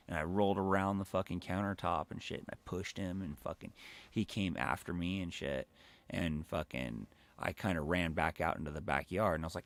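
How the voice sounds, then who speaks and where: A man's voice: low-pitched, brisk, vocal fry. A man telling a story on a live stream in a rambling, profane, casual way, full of filler words. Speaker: livestreamer.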